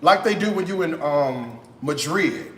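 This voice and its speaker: Sassy American male cooking host, chatty and bouncy in pitch, roomy echo. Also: measured pace, a little hiss or hum. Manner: sassy and animated, tags lines with "okay?". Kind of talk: casual live-stream chat while cooking.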